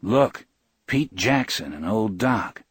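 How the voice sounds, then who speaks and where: A man voicing a large, easygoing husband who answers his wife wryly, in a husky voice. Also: fairly low pitch, expressive, slow pace, dry recording, heavily acted. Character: big, easygoing husband, mildly defensive.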